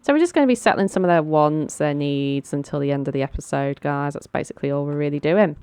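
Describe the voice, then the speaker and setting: Chatty low-voiced woman gamer. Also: fast talker, mellow, clear, resonant tone, dry recording. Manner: chatty, coaxing her game characters, giggles often. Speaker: gaming channel host. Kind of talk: casual game commentary.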